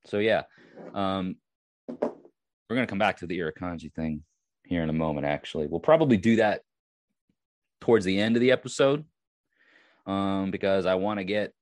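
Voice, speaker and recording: A man's voice: low voice, unhurried, long pauses, no echo. A man from Long Island with a Long Island accent, hosting a casual solo podcast and rambling with many restarts and fillers. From Long Island, New York. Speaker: podcast host.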